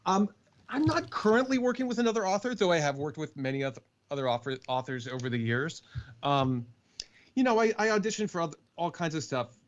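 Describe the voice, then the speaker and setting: A man's voice: on the high side, fairly quick, highs cut off. A man who narrates audiobooks and acts, chatting on a podcast call with plenty of fillers and restarts. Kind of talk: casual podcast interview.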